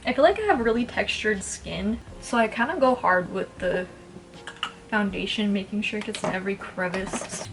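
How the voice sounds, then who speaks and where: At home doing her makeup, a twentysomething beauty vlogger rambles through a casual get-ready-with-me chat, blunt and cursing freely. She speaks at a normal pace in a mid-range voice over a noisy background.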